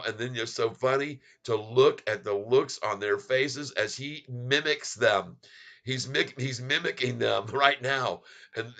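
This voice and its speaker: A man hosting his own stock market channel, talking in an excitable, rambling way and laughing often as he comments on a video. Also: mid-range voice.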